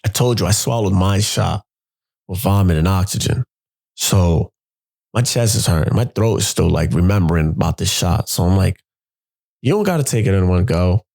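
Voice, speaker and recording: A young man telling a personal story in a casual, animated way, jumping into his friends' voices when he quotes them. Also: low voice, moderate pace, vocal fry.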